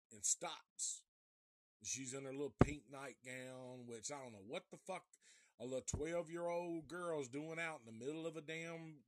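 A man casually reviewing a horror film live, retelling the plot in a profane, animated way. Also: mid-range voice, no echo, studio quality. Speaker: movie reviewer.

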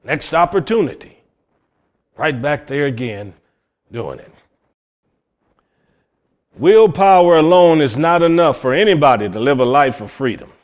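A man's voice: big pitch swings, unhurried, long pauses. Fervent preaching man from Cleveland. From Cleveland, Ohio. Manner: emphatic preaching, swings from loud cries to low murmurs; folksy storytelling. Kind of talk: sermon.

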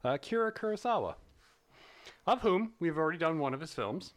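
Man, podcast co-host, casual chat, lively pitch, playful. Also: brisk. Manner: animated, playful, laughs often.

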